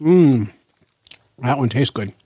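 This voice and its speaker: A man hosting a blindfolded family taste test in a casual, playful way, counting down loudly before each bite. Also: mid-range voice, lively intonation, takes it slowly, breathy edge, highs cut off. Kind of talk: casual family vlog chat.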